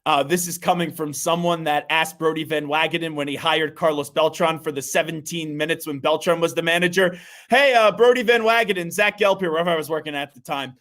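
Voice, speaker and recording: A man who hosts national sports radio, here chatting as a guest in a fairly high voice. He talks fast with confident energy and a self-mocking streak. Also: flat delivery, a bit bright. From Philadelphia area. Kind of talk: casual sports radio chat. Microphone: remote guest line.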